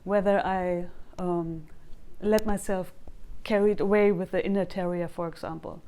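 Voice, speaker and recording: A woman leading a guided tapping tap-along, speaking calmly and repeating phrases for viewers to echo. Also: on the low side, unhurried, smooth. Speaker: EFT tapping coach.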